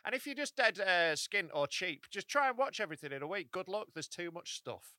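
A man co-hosting a comedy podcast, bantering in a joking way with quick asides. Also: sits high, very animated, bright, forceful tone, dry recording, studio quality. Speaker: podcast co-host.

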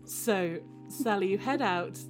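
A woman's voice: mid-range voice, expressive, slow, soft background music. A woman running a tabletop game as game master, narrating a scene with many hesitant ums and uhs.

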